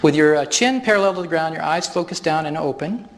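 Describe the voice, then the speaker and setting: A man's voice: fairly high pitch, lively intonation, quick pace. A man presenting a live stage demonstration at a workshop, explaining as he goes and chuckling often. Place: large hall with audience. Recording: reverberant hall.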